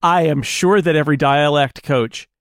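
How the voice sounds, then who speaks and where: A man's voice: on the high side, moderate pace, a little hiss or hum. A man hosting a casual movie podcast chat, rambling with many restarts.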